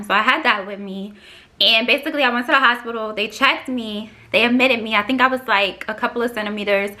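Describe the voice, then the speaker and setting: A woman's voice: a little high, pushed and bright. A young woman, chatting frankly in a casual story-time vlog, with lots of fillers and swearing. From Queens, New York. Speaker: vlogger.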